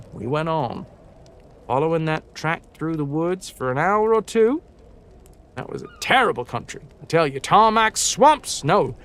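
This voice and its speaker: A man reads old campfire tales aloud for his stream audience, his voice on the high side and swinging widely. He stumbles over words, corrects himself and drops into offhand, swearing remarks before picking the story back up. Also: a bit bright. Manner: stumbling over words, breaks off for joking asides; casual, swears now and then. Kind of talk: casual live-stream read-aloud of old stories.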